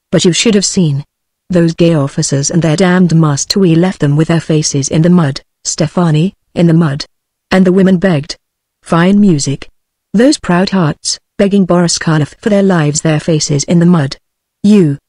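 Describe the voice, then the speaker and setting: A synthetic British English woman's voice reading a novel aloud with an even, steady audiobook delivery. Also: fairly low pitch, no room sound. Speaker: audiobook narrator.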